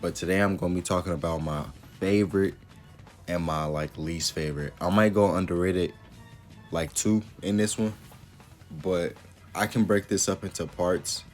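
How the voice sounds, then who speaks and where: A man talking casually to his viewers in a relaxed, rambling way, full of fillers. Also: sits low, moderate pace, faint music behind. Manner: laid-back, rambling, lots of fillers. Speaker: YouTuber. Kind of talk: casual video commentary.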